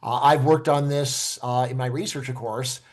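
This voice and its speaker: Man talking briskly and emphatically. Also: medium pitch, steady tone. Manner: brisk, emphatic, uses "like" and "you know". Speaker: host, economics professor. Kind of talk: conversational discussion.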